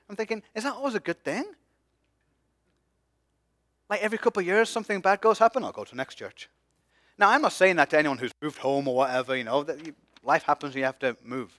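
A man preaching a sermon as pastor, passionate, swinging from hushed asides to loud emphatic peaks. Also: high-pitched, fast talker, no room sound, studio quality.

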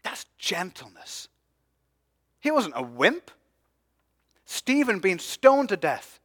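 A man preaching a sermon as pastor, passionate, swinging from hushed asides to loud emphatic peaks. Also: high-pitched, huge pitch swings, takes it slowly, pauses often, no room sound, studio quality.

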